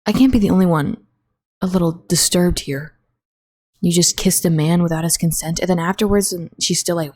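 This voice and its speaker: A woman's voice: on the low side, moderate pace, a little mellow. Rambling, foul-mouthed young woman podcaster. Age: young adult. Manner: rambling, profane and blunt. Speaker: podcast host. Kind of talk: casual solo podcast chat.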